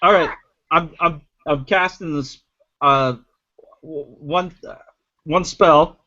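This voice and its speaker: A man's voice: a little high, slow pace, bright, forceful tone. A man playing a tabletop game, hesitantly working through his spell rules aloud. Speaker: player. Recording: dull lo-fi recording.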